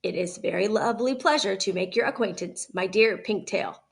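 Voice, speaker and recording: A woman's voice: mid-range voice, normal speed, gravelly, slightly rough. A woman doing a stiff, polite robot. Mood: stilted. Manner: formal, careful, stilted. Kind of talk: read-aloud storybook.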